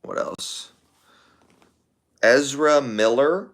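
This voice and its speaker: A man's voice: medium pitch, drawn-out words, fairly bright tone. Laid-back man chatting on a livestream. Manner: offhand, thinking aloud, with fillers and repeated phrases. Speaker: livestream host. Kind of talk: casual chat reading viewer comments.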